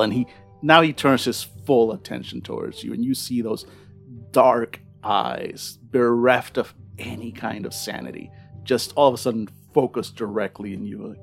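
Man, game master, gravelly voice, hesitant narration with fillers. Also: mid-range voice, normal speed, soft background music.

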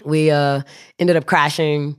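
A man's voice: a little high, level tone, slow pace, clear, resonant tone. A man telling a rambling, wry travel anecdote in casual speech, often restarting his sentences and briefly acting out other people's voices. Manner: rambling, self-correcting, wry, acts out voices. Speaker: storyteller.

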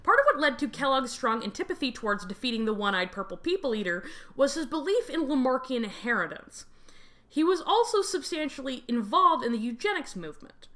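A woman's voice: high-pitched, very animated, brisk, fairly bright tone. A woman hosting a podcast, reading a scripted history narration with wry, dry asides. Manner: wry, dry humor, frequent laughs. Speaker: podcast host.

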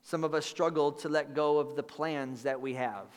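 A man's voice: a little high, steady tone, normal speed. Man preaching in a reverberant church. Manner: earnest, conversational preaching with repeated phrases. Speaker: pastor. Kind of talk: sermon. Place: church sanctuary. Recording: long hall reverb.

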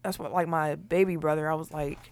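A woman co-hosting a casual podcast chat, talking loosely with lots of "like" and quick laughs. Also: deep voice, fairly even intonation, darkish tone, no room sound. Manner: chatty, laughs often, says "like" a lot. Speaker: podcast co-host.

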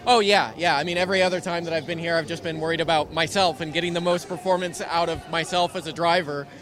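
A racing driver is interviewed on a packed grid, his voice a little high. He talks haltingly, restarting words often. A loud crowd fills the background. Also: flat delivery. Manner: halting, with many repeated words. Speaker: race driver and team manager. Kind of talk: pit lane interview.

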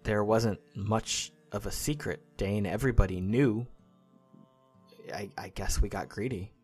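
A man playing a quiet, ashamed woman captain. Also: fairly low pitch, slightly rough, soft background music. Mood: resigned. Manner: quiet, halting apologies.

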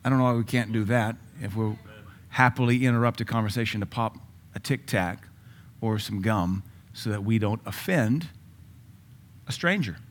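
A man's voice: lowish voice, normal speed, long pauses, slight background noise. A male pastor giving a sermon in a conversational way, with sudden emphatic rises and asides.

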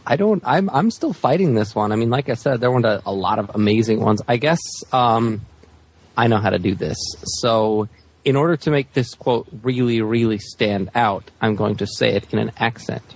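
A man's voice: mid-range voice, normal speed, slightly rough. A man co-hosting a podcast in casual chat, joking dryly at his own expense. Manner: dry, self-deprecating joking. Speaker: podcast co-host.

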